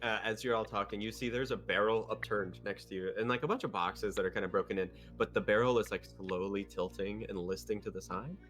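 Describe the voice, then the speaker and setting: A man narrating a tabletop game as game master, relaxed and laughing often. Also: on the low side, a little fast, hardly any pauses, soft background music.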